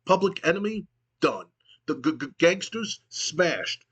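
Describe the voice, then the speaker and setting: Guy doing a stuttering loudmouth wrestler, high pitched, brags and trips over words. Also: very animated, a little slow, breathy edge, full character voice. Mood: boastful. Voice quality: heavy stutter. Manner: loud trash talk. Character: stuttering brash male wrestler boasting.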